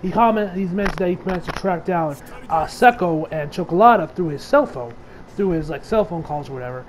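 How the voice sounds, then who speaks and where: A man giving a casual, rambling and profane recap of an anime episode, with lots of filler words and bursts of excitement. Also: fairly high pitch, fairly quick, low-quality recording. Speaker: anime reviewer.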